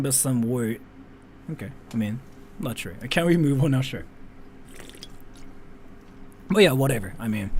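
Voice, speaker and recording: A young man reacting to viewer comments in casual commentary, offhand and sarcastic, sometimes mock-shouting. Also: mid-range voice, slight background noise.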